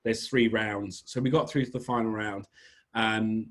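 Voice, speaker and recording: A man's voice: on the low side, fairly even intonation, unhurried, a bit bright. A British man with an English accent, a small business owner chatting as a podcast guest, telling rambling stories and correcting himself as he goes. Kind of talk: casual podcast interview.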